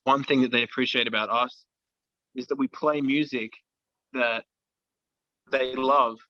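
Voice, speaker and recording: Australian male musician guest, casual, bright tone, dull dry call audio. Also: mid-range voice, fairly even intonation, a little slow, no room sound. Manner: laid-back, swears casually, rambling with ums. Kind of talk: casual interview chat. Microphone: video call.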